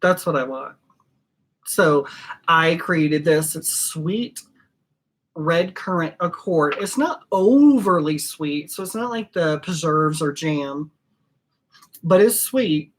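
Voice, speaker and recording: A woman's voice: low voice, lively intonation, slow. A middle-aged woman teaching perfume blending in a chatty, gushing tutorial, drifting off topic and spelling ingredient names letter by letter. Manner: gushing, emotional, chatty and digressive. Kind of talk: casual home-studio tutorial.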